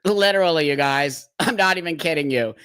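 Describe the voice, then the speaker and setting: A man's voice: fairly high pitch, brisk, pushed and bright, smooth, dry recording. Man, stream host; chatty and emphatic, keeps asking "okay?", dry recording. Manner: chatty, laughs often, keeps checking in with "okay?"; frank, emphatic. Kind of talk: casual talk to viewers.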